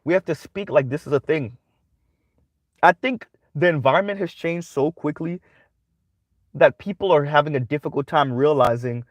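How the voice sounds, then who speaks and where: A man's voice: fairly high pitch, dry recording, clean studio sound. A man hosting a commentary channel, giving a casual monologue that keeps checking in with "right?". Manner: conversational, repeats "right?" often.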